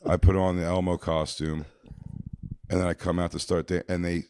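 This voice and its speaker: A man's voice: low voice, flat delivery, normal speed, warm tone, clean tone, no echo, clean studio sound. A man guesting on a podcast, telling crude, rambling anecdotes in casual chat with lots of restarts. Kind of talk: casual storytelling.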